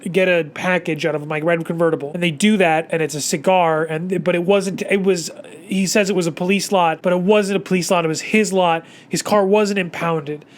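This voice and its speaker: A YouTuber ranting through a casual movie recap, exasperated and profane, rambling with many restarts and swinging between muttering and loud outbursts. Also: mid-range voice, steady tone, fairly quick.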